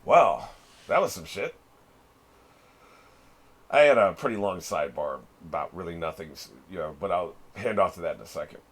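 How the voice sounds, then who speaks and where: A middle-aged man hosting a reaction video talks in a low, expressive voice at normal speed, pausing often. He chats casually as he watches, laughs a lot, and swears freely.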